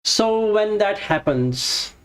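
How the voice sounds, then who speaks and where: A man giving a slow lesson on a Sanskrit scripture, chanting each verse and then explaining it word by word. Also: high voice, lively intonation, a bit bright, clean tone, poor audio. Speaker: Vedanta teacher.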